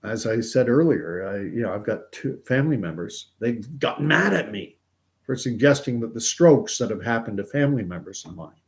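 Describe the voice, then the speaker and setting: A man's voice: mid-range voice, expressive, moderate pace, vocal fry, slight background noise. A middle-aged man from Canada, hosting casual commentary in a rambling way with many restarts and repeated words. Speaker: host.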